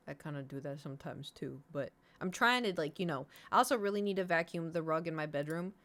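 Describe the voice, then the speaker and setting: A woman's voice: low voice, brisk, few pauses, a bit bright. A young adult woman streamer telling a rambling story in casual chat, swearing freely. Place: home room.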